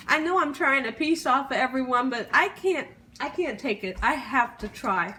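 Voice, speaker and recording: A woman's voice: sits high, lively intonation, moderate pace, few pauses, bright, forceful tone. Woman, cooking vlog host, enthusiastic, home kitchen, faint background hiss. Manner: enthusiastic, keeps saying "guys", hums while tasting.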